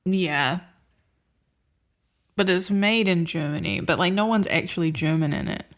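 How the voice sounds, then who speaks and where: A woman's voice: fairly low pitch, measured pace. A woman co-hosting a podcast, chatting loosely about films she saw, rambling with lots of filler words and frequent laughs. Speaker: podcast co-host. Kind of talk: casual chat reviewing films.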